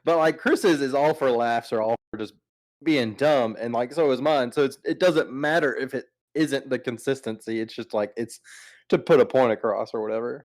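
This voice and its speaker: Man, podcast host, casual chat, teasing, rambling, restarts, medium pitch. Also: normal speed, a little mellow.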